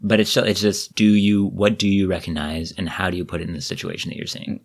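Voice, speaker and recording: A man co-hosting a podcast, telling stories in a relaxed, rambling way. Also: low voice, fast, vocal fry, breathy edge. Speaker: podcast co-host. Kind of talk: casual chat.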